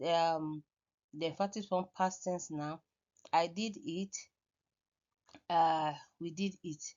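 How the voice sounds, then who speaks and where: A woman's voice: fairly low pitch, darkish tone, muffled recording. A woman lecturing on grammar over slides, hesitant, often repeating words and restarting. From Nigeria.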